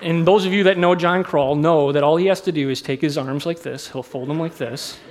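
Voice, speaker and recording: A man's voice: on the high side, a little fast, a little hiss or hum. A middle-aged man, a pastor, preaching a sermon in a candid, conversational way, mixing personal stories with teaching. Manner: candid, conversational, self-deprecating.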